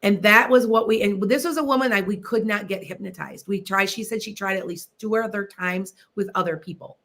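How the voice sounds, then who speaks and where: A woman's voice: mid-range voice, brisk, slight background noise. Chatty woman hosting a psychic radio show. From Midwestern US. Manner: chatty, animated, addresses listeners directly. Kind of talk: casual storytelling on internet radio.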